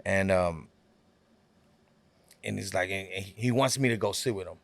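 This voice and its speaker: A man's voice: low voice, a little slow, gravelly, no echo. A man guesting on a podcast, telling a long story in a laid-back, rambling way, full of fillers and quoted back-and-forth. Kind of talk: casual storytelling.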